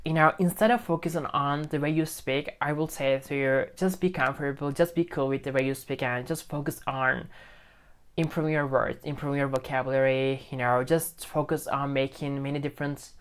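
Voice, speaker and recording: A man's voice: medium pitch, steady tone, brisk, clear, resonant tone. A man speaking English as a second language, talking earnestly to a phone camera, repeating his points with lots of fillers. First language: not English. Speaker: English learning vlogger. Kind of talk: casual talk to camera.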